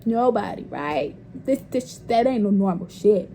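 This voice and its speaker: A woman's voice: mid-range voice, expressive, a little slow, dark tone, a little hiss or hum. A young woman telling a personal story in a casual vlog, candid and profane. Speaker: vlogger.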